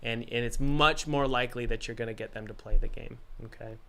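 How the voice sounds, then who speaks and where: A man with a cold who coughs now and then, hosting a casual livestream and giving game development advice in an energetic, rambling, jokey way. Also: medium pitch, a little fast, vocal fry.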